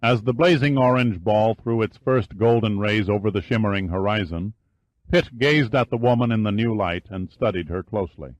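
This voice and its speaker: A man narrating an audiobook in a measured, steady reading style. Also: lowish voice, no room sound. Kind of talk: scripted narration.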